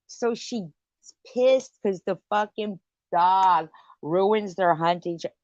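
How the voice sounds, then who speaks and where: A woman's voice: medium pitch, slow, a little mellow, no room sound, muffled recording. A woman hosting a late-night live stream chat, telling stories in a profane, rambling rant. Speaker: livestream host.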